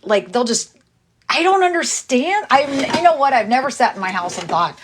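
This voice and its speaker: A woman's voice: high-pitched, expressive, moderate pace, breathy edge. A middle-aged woman chatting casually on a livestream, rambling and exasperated as she talks to viewers. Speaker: livestream host.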